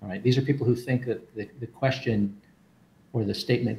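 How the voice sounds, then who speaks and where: A man's voice: mid-range voice, fairly even intonation, brisk, gravelly, mellow. A man explaining philosophy in a casual group talk, thinking aloud with restarts and repeated words over an online call.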